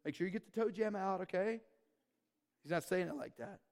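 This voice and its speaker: Emphatic preacher man, high voice, call-and-response sermon with long reverb. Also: a little fast, a little mellow. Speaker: pastor. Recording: reverberant church hall.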